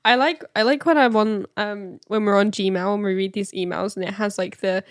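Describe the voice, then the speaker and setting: A podcast co-host chats casually and laughs easily in a comedic conversation. Her mid-range voice has fairly even intonation and a normal pace, recorded in studio quality with no room sound.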